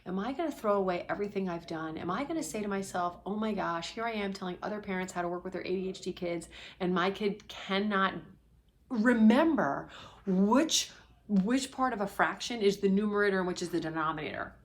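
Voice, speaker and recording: A middle-aged woman with a mid-range voice, talking straight to the camera from home as a parenting coach. She tells a story in a confiding, animated way and sometimes drops to a hushed whisper. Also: mid-range voice, fairly quick. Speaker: parenting coach for ADHD families. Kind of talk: casual confiding vlog. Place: indoors at home.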